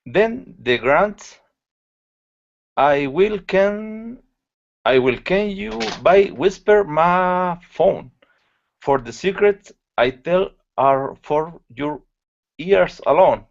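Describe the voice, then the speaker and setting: A man's voice: sits high, expressive, drawn-out words, vocal fry, dull audio. A man reading aloud hesitantly as a student in an online lesson.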